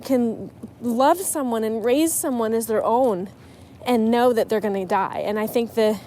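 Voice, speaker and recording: On her casual solo podcast about writing, a woman talks in a chatty, emotional way and often restarts her sentences. Her voice is a little high with a dark tone, a bit slow, and there's a little hiss or hum in the audio.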